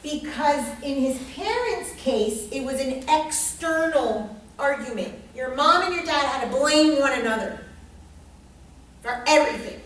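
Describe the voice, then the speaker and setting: A woman's voice: high voice, a little slow. A woman teaching a live workshop to an audience, telling stories animatedly and acting out the people in them. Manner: animated storytelling, quotes people in their voices. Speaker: astrology teacher. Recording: echoey room, voice from far off.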